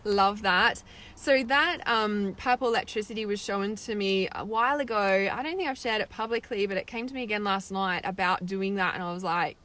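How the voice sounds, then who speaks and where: A young woman hosts a spiritual meditation livestream, chatting casually as she reads live viewer comments and saying "like" and "right?" a lot. Her voice is medium-pitched and a bit bright.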